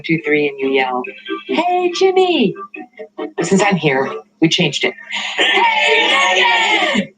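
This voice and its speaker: A woman's voice: mid-range voice, poor audio. A woman hosting a talk show, touring a studio in a playful, self-mocking way and laughing often. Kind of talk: playful on-location TV segment. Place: TV studio and halls, touring on foot.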